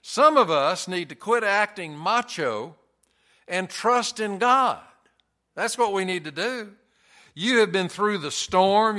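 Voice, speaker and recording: A man's voice: high voice, bright, forceful tone. A man preaching a sermon in a church, earnest and folksy, telling stories with touches of humor. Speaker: pastor.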